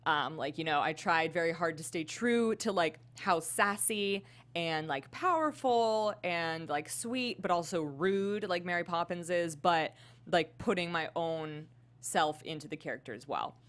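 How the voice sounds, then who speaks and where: A young woman co-hosting a podcast, recounting convention news in an animated, casual way with lots of "like.". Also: on the low side, measured pace. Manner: animated storytelling, heavy use of "like". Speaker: podcast co-host. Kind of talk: casual chat.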